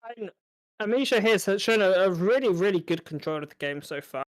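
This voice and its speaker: A man with a somewhat high voice calls a strategy card game match as a caster. He works through the options out loud, analytical, often repeating a word as he restarts. The delivery is conversational play-by-play. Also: lively intonation, a little fast. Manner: analytical, frequent small restarts. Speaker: esports caster. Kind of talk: play-by-play commentary.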